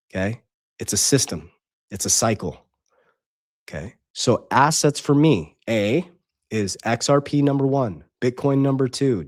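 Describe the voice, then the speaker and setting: A man's voice: medium pitch, a little mellow, dry recording, clean studio sound. A man coaching viewers on money and investing in a casual monologue, hammering points home and checking in with "okay?". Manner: emphatic, repeats points, adds "okay?". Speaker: finance coach and app co-founder.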